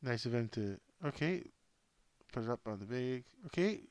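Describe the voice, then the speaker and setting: A man's voice: mid-range voice, animated, normal speed, darkish tone, clean tone, no room sound. A man hosting a home-made sports news show, rambling off script at his laptop, chatting to himself and his plush toys. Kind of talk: casual off-script commentary.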